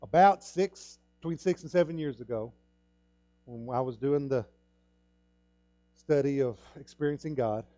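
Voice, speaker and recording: A man's voice: mid-range voice, a little slow, pauses often, mellow, dry recording, dull audio, faint music behind. Earnest man preaching a sermon. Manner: earnest storytelling, repeats himself, acts out quoted dialogue. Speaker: pastor.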